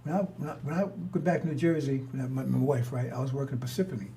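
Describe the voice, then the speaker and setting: A man's voice: medium pitch, fairly even intonation, quick pace, mellow, slight background noise. An older man telling stories in a rambling monologue, blunt and confrontational, with frequent restarts and cursing. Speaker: storyteller.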